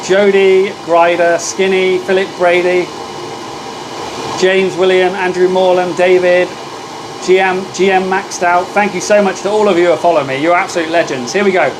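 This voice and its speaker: Brief: chatty British male streamer, slightly high voice, upbeat and friendly, faint hum behind. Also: little pitch movement, moderate pace. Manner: chatty, upbeat, thanks viewers by name. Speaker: livestream host. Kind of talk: casual live-stream chat.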